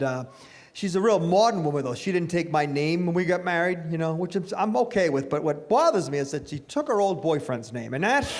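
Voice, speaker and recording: Here a middle-aged comic raised in an Italian-American family does a self-mocking stand-up routine, trading remarks with the crowd. His voice is fairly high, with a little hiss or hum on the recording.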